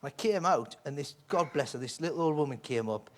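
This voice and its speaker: A man in his forties telling rambling, animated anecdotes as a chat show guest. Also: mid-range voice, brisk, a little hiss or hum. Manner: rambling, animated storytelling with acted quotes. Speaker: comedian guest.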